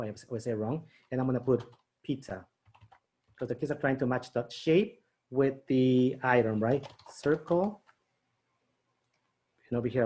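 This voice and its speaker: A man's voice: medium pitch, a little mellow. A man leading a teacher training session, walking through quiz setup on screen and checking in often with "okay?" and "right?". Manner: chatty, frequent "okay?" and "right?" check-ins, thinks aloud. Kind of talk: screen-share training demo.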